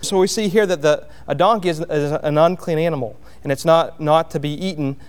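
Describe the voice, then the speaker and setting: A man preaching a sermon, explaining a Bible passage verse by verse in a plainspoken way, with frequent pauses and restarts. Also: fairly high pitch, clear, resonant tone. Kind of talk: sermon, expository Bible teaching.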